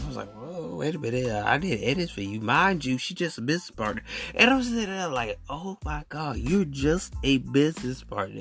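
A man's voice: mid-range voice, creaky. Podcast host, man, casual monologue, voice swings all over in disbelief. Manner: animated, incredulous, preachy asides to listeners.

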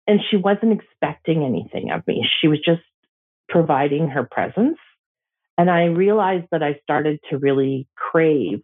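Middle-aged woman elder, slow heartfelt storytelling with pauses, thin phone-like sound. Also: lowish voice. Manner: slow, gentle, emotional telling with pauses. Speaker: Métis elder sharing a personal story. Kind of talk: reflective personal storytelling. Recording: tinny phone-like audio.

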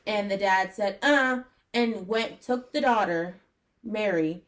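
A young woman on a casual podcast, retelling a story in a loose, rambling way. She is blunt and swears often, with a pitch in the middle of the range. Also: slow pace. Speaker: podcast co-host. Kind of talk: casual chat.

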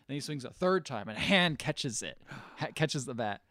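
A man's voice: medium pitch, lively intonation, sharp tone, no room sound, studio quality. A man co-hosting a podcast, casually recapping a movie plot and acting out bits of the characters' lines. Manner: acts out character lines in quick put-on voices. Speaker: podcast co-host.

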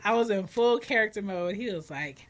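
A woman hosting a parenting podcast, talking casually and telling stories with animated energy. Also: mid-range voice, moderate pace. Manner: animated, lively storyteller. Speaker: podcast host.

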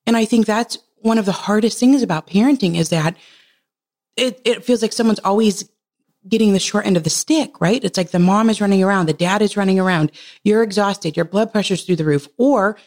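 A woman in her thirties, a podcast guest, telling a heartfelt personal story in casual conversation. She laughs often and leaps up in pitch when she quotes herself. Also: a little fast, a little mellow. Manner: earnest and heartfelt.

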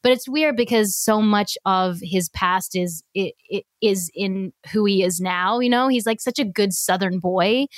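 A woman co-hosting a podcast, chatting casually and telling animated stories. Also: mid-range voice, measured pace, few pauses, no room sound, clean studio sound. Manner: animated storyteller, quotes people in voices. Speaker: podcast co-host. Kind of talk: casual chat.

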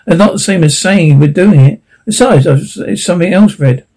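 A man's voice: high-pitched, brisk, mellow, slightly rough, rough recording. A man voicing a jittery young boy. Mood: worried. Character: excitable young boy, anxious and defensive.

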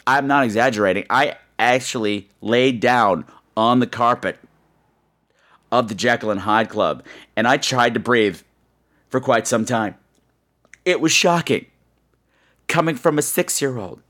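A man hosting a podcast, telling comic stories in an animated way and jumping in and out of put-on voices. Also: medium pitch, unhurried, long pauses. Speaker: podcast host. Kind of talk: comedic storytelling monologue. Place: New York.

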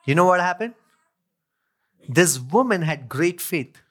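A man's voice: high-pitched, expressive, a little slow, fairly bright tone. A male pastor preaching a sermon, reading scripture aloud, repeating key phrases and asking his listeners questions. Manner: asks the congregation questions.

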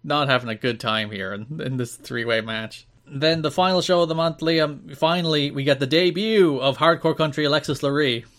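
A man co-hosting a casual wrestling review chat, animated and quick to laugh, often restarting his sentences. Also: a little high. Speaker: podcast co-host.

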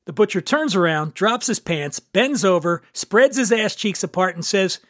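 A man's voice: high-pitched, animated, moderate pace, background noise. A man hosting a scripted comic cocktail tutorial, irreverent and wisecracking. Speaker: host.

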